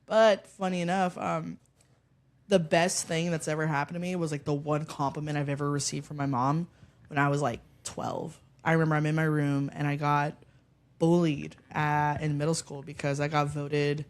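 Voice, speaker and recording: A woman's voice: deep voice, little pitch movement, normal speed. A young woman, a comedian, chatting casually as a podcast guest, brash and profane, telling stories from her life. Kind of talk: casual chat.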